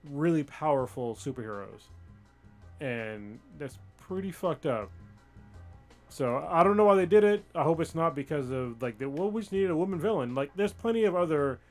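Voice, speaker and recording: A man co-hosting a livestream podcast, talking hesitantly with lots of fillers and casual swearing. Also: mid-range voice. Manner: hesitant, filler-heavy, profane. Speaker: podcast co-host.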